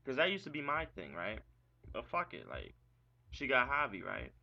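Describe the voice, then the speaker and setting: A man's voice: mid-range voice, huge pitch swings, moderate pace, vocal fry, sharp tone. A young man venting angrily about his ex-girlfriend in a profane, rambling vlog rant, full of "like" and rhetorical questions. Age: young adult. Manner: agitated, profane ranting with frequent "like". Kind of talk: ranting vlog monologue. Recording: dull lo-fi webcam audio with faint hiss.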